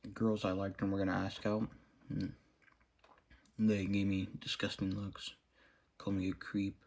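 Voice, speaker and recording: A young man quietly recounting a personal story, halting with many fillers and restarts. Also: low voice, completely flat delivery. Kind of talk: storytelling monologue.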